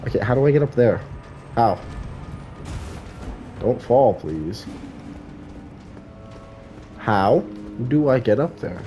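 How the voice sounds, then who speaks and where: A man playing a video game and commenting live, swearing loudly at enemies and muttering to himself between fights, with game music behind him. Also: mid-range voice, animated, slow, pauses often. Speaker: gaming streamer.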